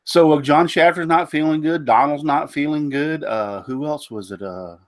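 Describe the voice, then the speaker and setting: A man's voice: fairly high pitch, moderate pace, dry recording. A man, congested from a cold, hosting a casual woodworking live stream with a rambling manner, lots of fillers and tripping over names. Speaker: host of a woodworking live show.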